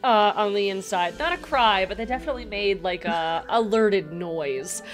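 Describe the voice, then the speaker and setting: Woman dungeon master, chatty narration, mid-pitched. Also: moderate pace, faint music behind. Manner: chatty, hesitant with many ums. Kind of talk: narrating a tabletop game.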